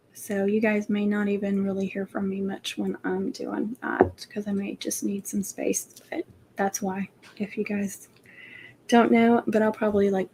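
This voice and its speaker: A woman hosting a craft livestream, chatting in a soft, rambling way. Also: medium pitch, slight background noise, poor audio. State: emotional, near tears. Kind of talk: casual livestream chat.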